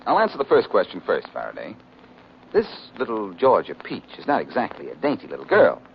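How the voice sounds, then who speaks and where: An actor playing a wry, wisecracking detective who is cool and charming, in 1940s radio acting. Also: male voice, lowish voice, huge pitch swings, fairly quick, a little hiss or hum, full character voice. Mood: confident. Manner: wry, smooth, quipping. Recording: lo-fi old radio recording.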